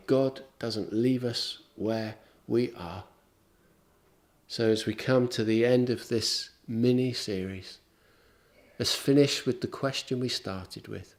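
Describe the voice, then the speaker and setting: A man's voice: mid-range voice, a little mellow. A man preaching a sermon in a conversational, wry and emphatic way.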